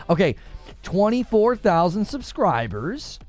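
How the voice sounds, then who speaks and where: Man, casual stream host, laughs a lot, lively swooping voice, faint background music. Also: on the high side, a little slow. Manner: animated, laughs often, thinks aloud with restarts. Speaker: host of a gaming news show. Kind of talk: casual livestream chat reading viewer comments.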